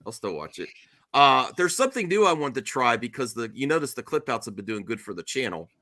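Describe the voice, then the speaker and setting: A middle-aged man chatting casually as a podcast host, his voice bright and lively, jumping between low asides and high, excited bursts. The sound is dry and close. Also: a little fast, no room sound. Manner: animated storyteller, mimics his wife in high squeals. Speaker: show host.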